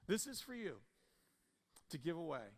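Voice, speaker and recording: Impassioned pastor with a gravelly voice. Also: male voice, on the high side, sing-song, normal speed. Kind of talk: sermon. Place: church sanctuary. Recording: church hall reverb with soft guitar.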